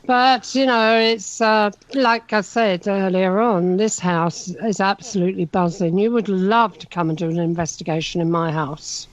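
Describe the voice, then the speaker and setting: A woman's voice: medium pitch, normal speed, few pauses. A woman with a South London accent, chatting and teasing on a radio show and laughing often. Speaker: medium. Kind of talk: casual radio chat. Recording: dull lo-fi remote line.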